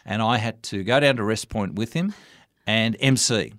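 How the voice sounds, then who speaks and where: A man's voice: on the low side, moderate pace, dry recording, studio quality. An older Australian man, a radio broadcaster and MC, telling anecdotes about his career in an interview. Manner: anecdotal, warm storytelling with quoted dialogue. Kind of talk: storytelling interview answers.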